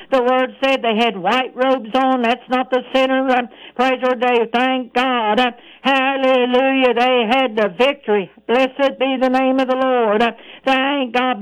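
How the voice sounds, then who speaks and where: A woman preaching a radio sermon, breaking every phrase with "praise the Lord" and reading scripture slowly. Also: sits high, clean tone, rough recording. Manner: reads scripture aloud in a slow, measured voice.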